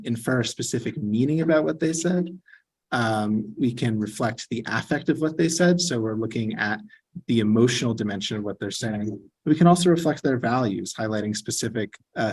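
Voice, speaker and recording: A man's voice: medium pitch, darkish tone, breathy edge. A man giving an earnest online training session as a trainer, explaining with frequent fillers.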